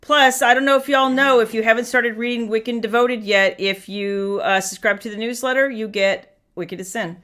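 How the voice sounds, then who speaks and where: A woman author hosting a casual live-stream chat with viewers, chatty and quick to laugh. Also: fairly high pitch, steady tone, pushed and bright.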